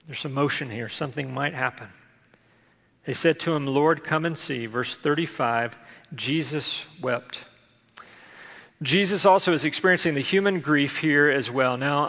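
A man's voice: on the high side, gravelly, sharp tone. A man preaching a sermon, reading scripture aloud and then explaining it in a conversational way to a congregation. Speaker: pastor. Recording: long hall reverb.

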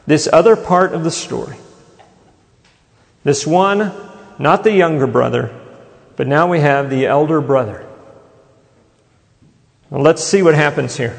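A man's voice: a little high, creaky. A male pastor preaching a sermon in a conversational way, often putting rhetorical questions to his congregation. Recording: long reverb in a large hall.

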